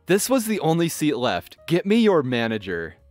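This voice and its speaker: A man voicing a shrill, entitled middle-aged woman passenger who talks in a slow, emphatic, demanding way. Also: huge pitch swings, no echo, soft background music. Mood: indignant.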